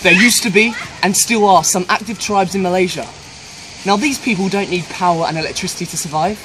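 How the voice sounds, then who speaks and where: A man's voice: high-pitched, fairly quick, heavy background noise. A young British man hosting a comedy travel vlog outdoors, jokey and self-mocking. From Britain. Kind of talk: comic travel vlog narration. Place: outdoors on a mountain trail.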